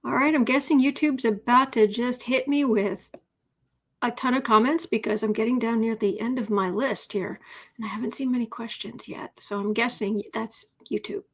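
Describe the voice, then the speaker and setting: A woman's voice: fairly high pitch, steady tone, normal speed, slightly rough. A woman hosting a casual live stream as a tarot reader, rambling, talking to herself and greeting viewers by name, often dropping into whispered asides.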